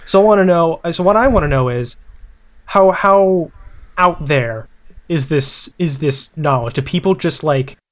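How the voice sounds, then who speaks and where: A young man with a slightly raised pitch talks through a film in a loose, rambling way. He restarts sentences and leans on filler words as he thinks aloud in casual chat. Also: unhurried.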